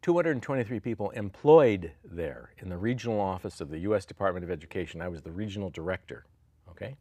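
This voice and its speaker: Animated storytelling man. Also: sits low, quick pace, breathy edge, no room sound. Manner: animated, acts out quoted voices and laughs often. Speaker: guest, former politician. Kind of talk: storytelling interview.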